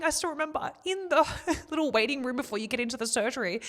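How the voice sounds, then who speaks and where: A young woman, sharing a painful personal story as a podcast co-host, emotional and near tears at times but quick to laugh. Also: high-pitched, lively intonation, a bit bright.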